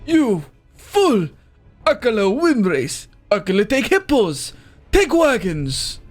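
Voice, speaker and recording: A hostile villain who speaks in clipped, broken English, barking each short phrase at top volume, as a gamer puts him on. The pitch leaps around wildly, and faint game music plays underneath. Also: wildly swooping pitch, slow. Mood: boastful. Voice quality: clipped broken speech, shouting. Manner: blunt, threatening. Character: gruff hostile male tribal leader who talks in broken English. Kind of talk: reading game dialogue aloud in character.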